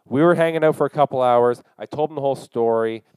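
A young man hosting a podcast, telling a long profane story in a casual, animated way and acting out the dialogue. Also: mid-range voice, fast talker, smooth, dry recording, low-quality recording. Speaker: podcast host.

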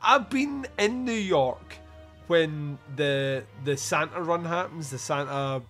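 A man's voice: a little high, animated, slow pace, fairly bright tone, faint music behind. A man hosting a podcast, chatting casually about a film. He swears freely, laughs often and rambles. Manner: profane, chuckling, rambling storyteller. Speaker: podcast host. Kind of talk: casual film review chat.

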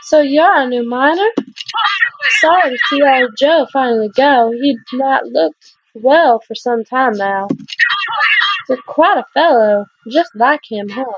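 A woman's voice: sits high, a little slow, dull audio, background noise, voice pushed up. A woman voicing a flirtatious, welcoming townswoman in a put-on Southern belle accent while reading game dialogue aloud. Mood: flirty. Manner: sweet, flirtatious drawl.

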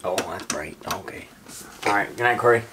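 A man's voice: fairly low pitch, normal speed. A young man co-hosting a vlog, joking and teasing his friend in a bedroom. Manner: playful, teasing, laughs often. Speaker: vlog co-host. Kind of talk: casual joking vlog chat. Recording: noisy home recording.

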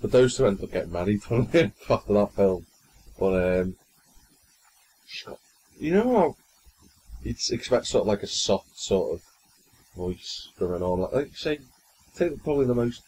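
A man's voice: lowish voice, sing-song, moderate pace, pauses often, dark tone, a little hiss or hum, poor audio. A young man co-hosting a podcast, chatting casually and rambling through stories with frequent restarts. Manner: chatty, rambling, stumbles and restarts while recounting news. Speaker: podcast co-host. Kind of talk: casual chat.

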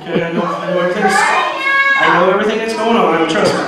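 A man teaching a lively Bible lesson to a room of children, repeating himself and calling them to order. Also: high voice, quick pace. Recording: echoey room, far from mic, noisy.

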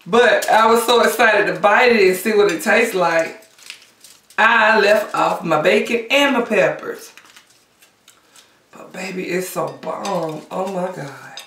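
A woman's voice: mid-range voice, measured pace, pauses often, fairly bright tone. A woman hosting a casual eating show, chatting and humming over her food between bites. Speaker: mukbang host. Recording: echoey room, a bit far from mic.

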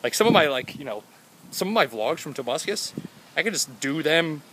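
A man's voice: on the high side, big pitch swings, brisk, bright, forceful tone, slight background noise, low-quality recording. Goofy rambling young man. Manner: goofy, jokey, jumps between topics and silly voices. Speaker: vlogger. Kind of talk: rambling casual vlog. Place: outdoors at a house with a deck.

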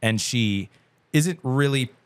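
A man's voice: medium pitch, lively intonation, slow pace, clear, resonant tone, dry recording. A young man, a guest musician, telling stories in a loose and chatty way, full of filler words and swearing. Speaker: guest musician, band vocalist. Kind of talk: casual podcast interview.

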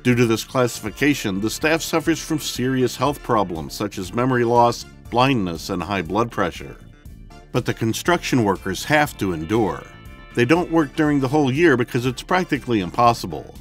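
A man giving scripted documentary narration, measured and explanatory, speaking directly to the viewers. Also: mid-range voice. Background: faint background music.

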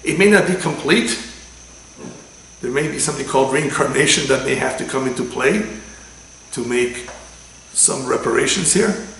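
Gravelly rabbi giving a lecture. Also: male voice, medium pitch, moderate pace, pauses often, a little hiss or hum. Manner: animated storytelling with sudden loud quotes and laughs. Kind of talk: religious lecture. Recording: echoey room with faint ambience.

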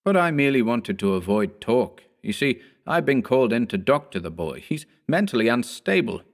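A man voicing a sinister man who speaks in a polite, measured, condescending way. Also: mid-range voice, sing-song.

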